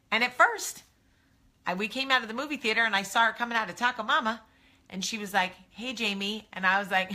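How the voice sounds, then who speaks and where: A woman's voice: a little high, moderate pace, pushed and bright. A woman in her thirties hosting a live video, talking candidly and animatedly as she gives personal advice in a casual monologue. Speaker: host of a live video show. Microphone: phone or webcam, live video.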